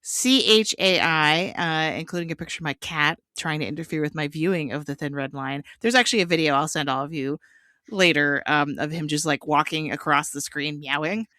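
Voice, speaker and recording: A woman co-hosting a casual podcast, playful and quick to laugh. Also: sits low, pushed and bright, no room sound, studio quality. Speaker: podcast co-host. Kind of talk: casual chat.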